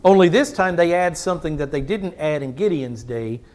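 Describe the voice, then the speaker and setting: A man's voice: on the high side, moderate pace, a little mellow. A man preaching a Bible-teaching sermon, emphatic, asking rhetorical questions. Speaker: pastor.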